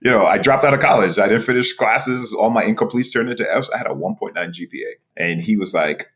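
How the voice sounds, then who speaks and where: Deep-voiced New York man telling his story. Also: a little fast, hardly any pauses. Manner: animated, frequent laughs and restarts, rhetorical "right?". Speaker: podcast guest, executive director. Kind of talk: storytelling interview.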